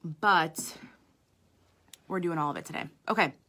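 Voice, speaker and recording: A woman's voice: fairly low pitch, measured pace, fairly bright tone. A woman makeup artist giving a chatty live makeup tutorial, talking straight to her viewers.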